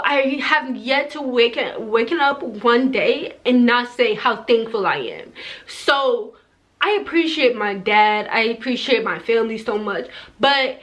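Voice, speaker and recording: A young woman with a slightly high voice tells a personal story straight to her camera. She talks casually, leans on "like" a lot, and lets raw feeling come through. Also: fairly bright tone. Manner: casual, heavy use of "like", emotional and tearful in places. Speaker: vlogger. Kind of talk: story time vlog.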